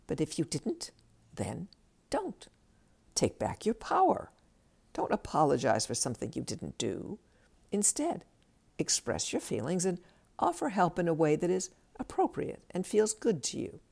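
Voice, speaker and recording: A woman's voice: sits low, creaky, warm tone. A woman hosting a self-help podcast, giving direct, coaching advice from a script and acting out bits of dialogue.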